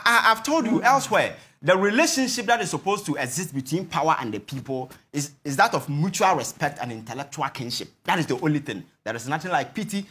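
A man's voice: sits high, a bit bright. A Ghanaian man giving heated political commentary on a talk show, emphatic and repeating his points, mixing in Twi phrases.

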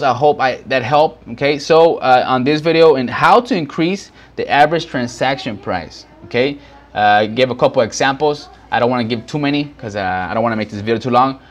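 Rambling man teaching sales casually. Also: mid-range voice. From Houston, Texas. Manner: rambling, many fillers and restarts, addresses viewers as guys. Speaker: business vlogger. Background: background noise.

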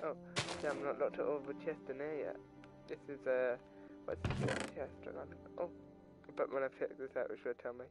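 A man talks into his own microphone while playing on his gaming channel, drifting off topic in casual commentary over game music. He has a mid-range voice, a steady tone, and a slightly fast pace. The audio is poor.

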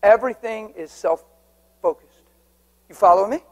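A high-pitched man speaking a little slowly delivers a sermon to a congregation in a church hall. He tells stories, cracks jokes and questions the crowd, keeping up a lively back-and-forth with the audience.

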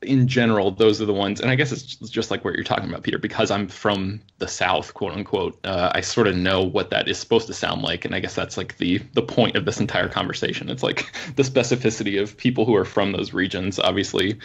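A man from Florida co-hosting a podcast, talking in a relaxed way and laughing easily. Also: sits low, brisk, creaky, hardly any pauses, husky. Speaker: podcast co-host. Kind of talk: casual podcast chat. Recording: dull lo-fi sound.

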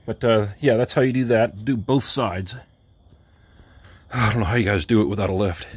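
Husky-voiced man explaining a car repair. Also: fairly low pitch, fairly even intonation, moderate pace, no echo. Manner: plainspoken, matter-of-fact, with fillers and wry asides. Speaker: DIY car repair vlogger. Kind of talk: casual step-by-step repair instructions. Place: home driveway, working under a car.

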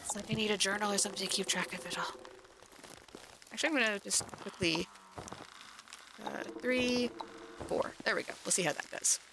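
A woman's voice: medium pitch, fairly quick, pauses often, background noise. A woman streamer giving casual, rambling game commentary full of fillers. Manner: chatty, rambling, many fillers.

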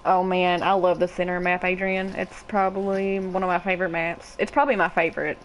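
A woman's voice: fairly low pitch, flat delivery, fairly quick, a little hiss or hum, low-quality recording. A woman in her twenties with a Kentucky accent, chatting casually and cussing freely while streaming a game and greeting viewers. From Kentucky, USA. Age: 20s. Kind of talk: casual gaming stream chat.

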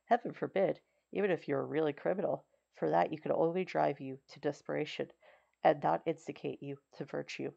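A woman reading the lines of a kind, blind old man in exile, speaking softly and courteously to reassure. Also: sits low, steady tone, brisk, creaky, exaggerated voice. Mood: gentle. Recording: slightly dull recording.

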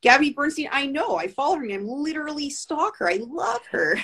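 A woman talking in a casual interview over a video call, telling stories in a lively, chatty way with many asides. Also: high voice, normal speed. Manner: chatty, animated storytelling with asides. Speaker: guest with Bell's palsy.

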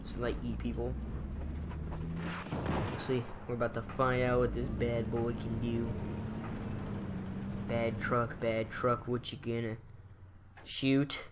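A man's voice: medium pitch, flat delivery, unhurried, pauses often. A young man giving goofy, casual commentary over his own gameplay, talking to himself and humming sound effects. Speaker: gaming channel host. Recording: noisy game sounds behind voice. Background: gunfire and explosions from the game.

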